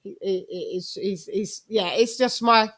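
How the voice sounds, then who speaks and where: A woman from England hosting a casual live-stream chat, with a London accent that slips into American and Jamaican twang, chatty and quick to laugh. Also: mid-range voice, fairly bright tone. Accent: London English mixed with American and Jamaican twang. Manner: chatty, laughs often, code-switching slang. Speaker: host.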